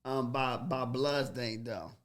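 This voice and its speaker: A man co-hosting a casual chat podcast, relaxed, mostly chiming in with short agreements. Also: medium pitch, slow pace. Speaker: podcast co-host.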